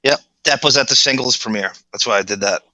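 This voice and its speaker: A man's voice: medium pitch, fast, bright, forceful tone, no echo, rough recording. A man co-hosting a podcast in casual chat, going off on rambling, enthusiastic tangents. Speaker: podcast co-host.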